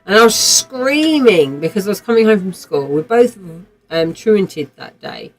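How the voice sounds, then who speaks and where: A woman's voice: medium pitch, sing-song, unhurried, soft background music, low-quality recording. A woman, streaming a game while telling a vivid personal story in a rambling way, with swearing and frequent restarts. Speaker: livestream gamer.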